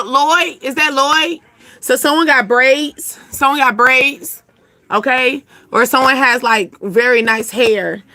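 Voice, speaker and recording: A woman's voice: on the high side, sharp tone, no room sound. A woman hosting a casual live reading, rambling chattily and answering comments from her chat. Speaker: channel host giving intuitive readings.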